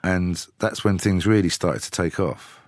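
A man with a low, dry voice, chatting easily as he tells stories about his band's early days. He slips in laughs here and there, in a close, dead-sounding interview recording. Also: a little slow, dry recording. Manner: chatty, laughs while telling anecdotes. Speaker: guest, singer. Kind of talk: storytelling interview.

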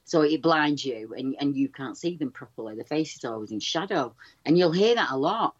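A woman, a guest researcher retelling stories in a chatty, animated way with many restarts. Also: deep voice, normal speed, dull audio. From England. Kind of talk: casual storytelling over a call.

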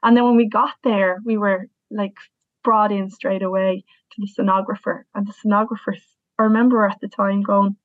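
A woman's voice: mid-range voice, flat delivery, moderate pace, dry recording. A woman in her thirties with an Irish accent, telling a personal story in an earnest, emotional way with frequent restarts. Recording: tinny, dry phone-like sound.

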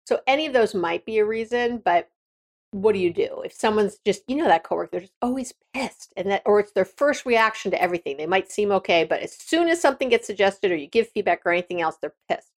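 A woman's voice: medium pitch, animated, fast. A woman hosting an advice podcast, talking frankly and directly in a casual monologue with frequent restarts. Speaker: podcast host.

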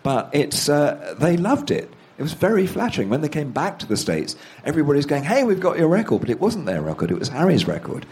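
A man's voice: on the high side, sing-song, brisk, hardly any pauses, a little mellow. A man, the author being interviewed, telling anecdotes at length and acting out the voices he quotes. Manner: anecdotal, acts out quoted voices, laughs at own stories. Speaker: author and guest. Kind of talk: conversational storytelling interview.

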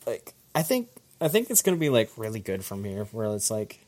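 Young man with a lively, swooping voice. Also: fairly low pitch. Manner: laughs often, halting, loose phrasing. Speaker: podcast host. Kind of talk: casual podcast chat.

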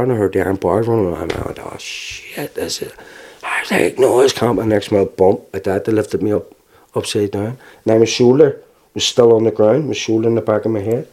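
A man with a Belfast accent giving a halting, plainspoken personal account, with restarts and wry laughs. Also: lowish voice, warm tone. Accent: Northern Irish, Belfast. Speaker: interviewee. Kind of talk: personal testimony.

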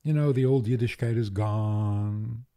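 An older man speaks as a rabbi guest in an interview. His voice is mellow and dark, and his humor is wry and deadpan. Now and then he lifts into an animated storytelling tone. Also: fairly low pitch, unhurried. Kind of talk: interview conversation.

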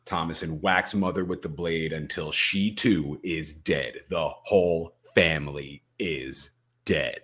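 A man's voice: a bass voice, slow. A man co-hosting a podcast, retelling a film scene by scene and acting out the quoted lines with energy. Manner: animated storyteller, acts out quoted lines. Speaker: podcast co-host.

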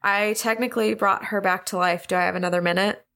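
A woman playing a tabletop game who speaks in a deliberate way and giggles often. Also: mid-range voice, fairly even intonation, bright, forceful tone. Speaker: player.

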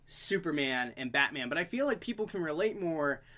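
A man in his twenties telling stories in a casual chat, animated and joking. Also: fairly high pitch, fairly quick. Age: 20s. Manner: animated storyteller, puts on silly voices.

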